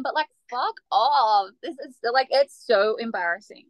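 A woman's voice: fairly high pitch, animated, measured pace, dry recording, low-quality recording. Blunt young woman, dry close sound. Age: young adult. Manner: blunt, swears, chimes in with asides. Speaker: podcast co-host. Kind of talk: casual chat.

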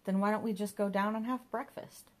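A woman's voice: medium pitch, steady tone, a little fast, voice pushed up, close to an everyday voice. A woman doing a flippant, teasing male sidekick. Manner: wry, teasing.

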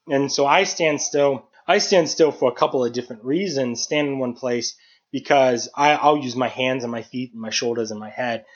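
A man's voice: mid-range voice, muffled recording. A man who works as a stand-up comedian, talking through his craft in a casual, analytical way with frequent restarts. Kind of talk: casual chat.

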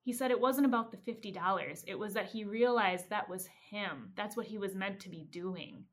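A woman podcast host retelling a story in a casual, animated way, acting out the quoted lines. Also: medium pitch, moderate pace.

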